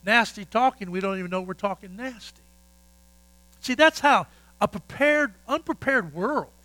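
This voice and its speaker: An older man, a pastor, telling folksy stories in a sermon with animated, repetitive phrasing. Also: high-pitched, moderate pace, no echo, poor audio. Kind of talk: sermon storytelling.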